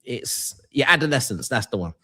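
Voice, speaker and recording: A man co-hosting a live online show, talking in a relaxed, reflective way and sometimes losing his thread. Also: medium pitch, moderate pace. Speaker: co-host. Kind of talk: live stream chat show.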